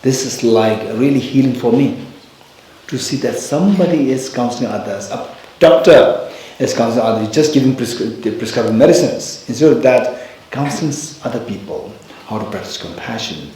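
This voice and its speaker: A man, a Buddhist teacher, giving a dharma talk in a large temple hall, telling a personal story with halting restarts and bursts of emphasis. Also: mid-range voice, animated, mellow, slight background noise. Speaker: Buddhist teacher leading a retreat. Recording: very echoey hall.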